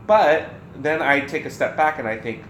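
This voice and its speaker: A man from the American South co-hosting a casual Q&A vlog, rambling and animated with lots of filler words. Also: fairly high pitch, normal speed, roomy sound, slight background noise. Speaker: co-host. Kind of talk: casual Q&A chat.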